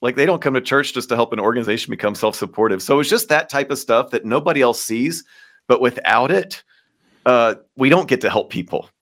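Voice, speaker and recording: A man's voice: medium pitch, fairly quick, fairly bright tone. A man from Kentucky, a lead pastor telling stories in an interview with earnest reflection and easy humor. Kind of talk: storytelling interview answers.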